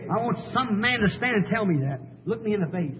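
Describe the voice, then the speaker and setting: Man preaching, high-pitched voice, fiery country sermon, tinny old recording, echoing hall. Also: expressive, fairly quick. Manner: impassioned, swinging from quiet pleading to shouting; folksy, plain-spoken country phrasing.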